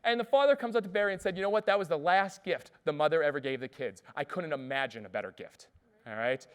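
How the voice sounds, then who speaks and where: A man giving an energetic motivational keynote on stage, telling stories and checking in with the audience. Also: a little high, fast, clear, resonant tone. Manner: energetic storytelling, often asks "all right?". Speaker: keynote speaker. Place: conference stage before an audience.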